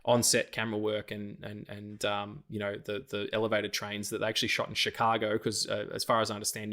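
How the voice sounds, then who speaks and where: A man co-hosting a casual film podcast, talking in an animated way with plenty of swearing and quick acted-out lines. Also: fairly low pitch. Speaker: podcast co-host.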